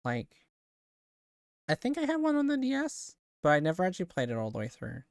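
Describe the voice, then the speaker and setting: A woman's voice: lowish voice, huge pitch swings, a little fast, a little mellow, no room sound, clean studio sound. A woman streamer chatting casually and rambling with giggles while playing a game.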